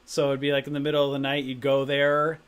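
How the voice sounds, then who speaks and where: A man's voice: medium pitch, monotone, fast, a bit bright, smooth. A middle-aged man hosting a live stream, telling rambling anecdotes in casual chat and often asking "right?". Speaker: stock trading stream host.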